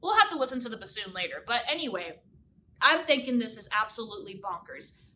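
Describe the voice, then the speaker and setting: A woman telling a silly children's story as a music teacher, animated, with sung sound effects and big exclamations. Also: fairly high pitch, fast talker, distant mic, slight background noise.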